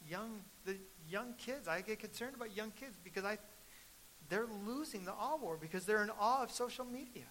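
Middle-aged male pastor, bright forceful tone, storytelling sermon that swells to loud emphasis. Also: sits high, animated, moderate pace, a little hiss or hum, rough recording.

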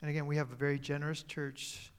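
Pitched on the high side with a clean tone, this pastor speaks quickly and with little pitch movement. His sermon alternates between forceful, louder lines and softly dropped phrases, and he occasionally fixes his wording mid-sentence.

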